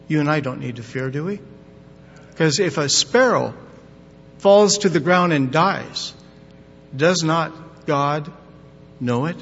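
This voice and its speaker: An older man preaching a sermon in a folksy, emphatic way, mixing scripture with corny jokes. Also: fairly bright tone. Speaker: pastor. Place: church sanctuary. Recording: dull long-reverb hall with faint rumble.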